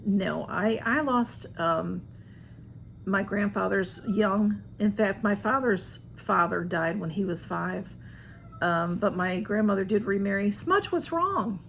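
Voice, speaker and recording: A woman's voice: mid-range voice, steady tone, takes it slowly, creaky, a little hiss or hum. A woman chatting casually at home, answering a list of personal questions in a rambling, self-deprecating way. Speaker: vlogger.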